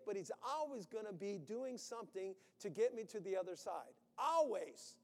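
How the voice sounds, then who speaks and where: A man preaching a sermon in an animated way, breaking into sudden shouts as he acts out worried voices. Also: sits high, moderate pace, few pauses, big-room sound.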